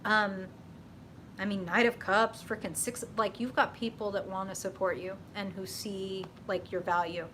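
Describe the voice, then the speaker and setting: A woman hosting a live tarot reading stream, chatty and excitable, with lots of fillers and laughter. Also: mid-range voice, moderate pace, a little hiss or hum.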